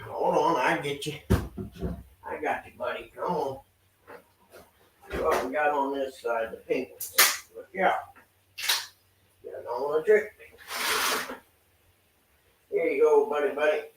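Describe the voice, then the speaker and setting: Folksy middle-aged guy, gravelly voice, winded, casual home stream. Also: a little high, moderate pace, pauses often, very noisy. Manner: folksy, talks to his pets and chat viewers. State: out of breath. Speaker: livestreamer. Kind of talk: casual livestream chat.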